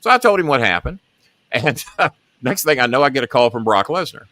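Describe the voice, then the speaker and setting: A man's voice: medium pitch, big pitch swings, fairly quick, bright, forceful tone. A middle-aged man hosting a talk show, telling a long story and acting out the quotes in it.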